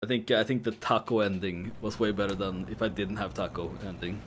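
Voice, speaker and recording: A man streaming a game who jokes and swears loudly as he plays. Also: fairly low pitch, brisk, slight background noise. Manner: jokey, swears a lot, lively. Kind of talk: casual game commentary.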